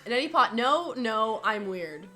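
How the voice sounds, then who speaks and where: A young woman guesting on a casual gaming stream, jokey and teasing, full of quick banter. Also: fairly high pitch, very animated, sharp tone, faint music behind.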